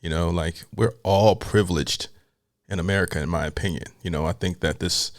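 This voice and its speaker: A man's voice: low-pitched, fairly even intonation, fairly quick, dry recording, studio quality. A man hosting a reaction video, chatting casually and hyping up the clip he is watching. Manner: hyped, chatty. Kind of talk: casual commentary.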